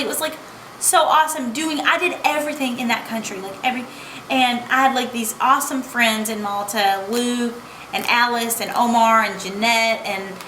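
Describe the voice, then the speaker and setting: An echoey room with faint background noise frames this casual travel storytime vlog. The young American woman speaks on the high side, with a pushed, bright tone, bubbly and effusive, her sentences full of "like" and "oh my gosh."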